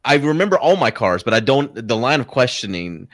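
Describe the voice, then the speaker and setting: A man's voice: mid-range voice, big pitch swings, a little fast, fairly bright tone, no room sound, clean studio sound. A man talking casually as a podcast guest, rambling with many restarts and frequent chuckles. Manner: rambling, self-correcting, chuckles often. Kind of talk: casual chat.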